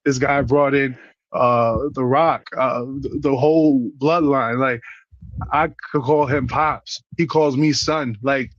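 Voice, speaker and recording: A man from Puerto Rico, a wrestler guest, telling stories in casual interview chat with animated, profane energy. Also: mid-range voice, slow pace, no echo, dull audio.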